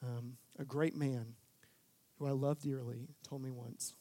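A young man preaching a sermon, talking casually, then building to loud, emphatic peaks. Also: mid-range voice, little pitch movement, unhurried. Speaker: pastor.

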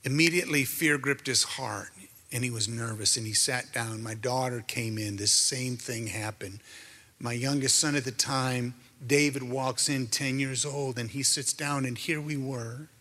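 Brief: male preacher, bright forceful voice, earnest and emotional, reverb-heavy hall. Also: mid-range voice, fairly even intonation, measured pace. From Canada. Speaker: minister. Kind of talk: sermon with personal testimony.

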